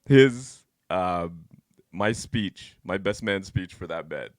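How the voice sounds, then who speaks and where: A man co-hosting a live stream show, telling stories in a casual, animated way that swings from low mutters to loud bursts. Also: takes it slowly, no room sound, clean studio sound. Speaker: podcast co-host. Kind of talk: casual chat.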